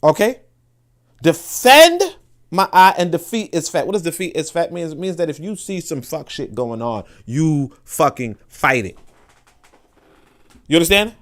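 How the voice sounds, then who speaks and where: A man's voice: on the high side, moderate pace. A man, hosting a podcast in a blunt, profane, casual monologue that often restarts and repeats words. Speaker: podcast host.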